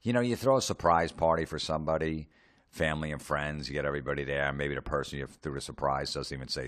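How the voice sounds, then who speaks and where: A man's voice: a bass voice, fairly even intonation, quick pace, a bit bright. A man delivering a profane, sarcastic comedic rant, mocking people in put-on voices. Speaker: comedian ranting.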